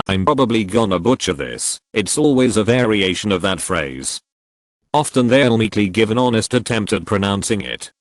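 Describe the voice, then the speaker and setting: A man's voice: fairly low pitch, no room sound. A man narrating, reading out a list of online comments. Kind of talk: scripted narration.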